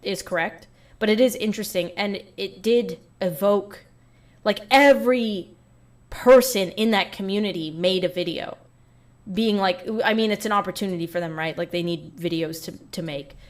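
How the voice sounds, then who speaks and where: A woman's voice: mid-range voice, normal speed. A woman talking casually and at length, full of fillers, as an online personality in a played clip. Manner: chatty, filler-heavy. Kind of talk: casual monologue.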